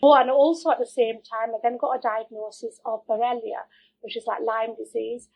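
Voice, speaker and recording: Husky, gravelly middle-aged woman. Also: a little high, normal speed, poor audio. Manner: candid, animated, acts out quoted remarks. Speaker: interview guest. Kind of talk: personal storytelling interview.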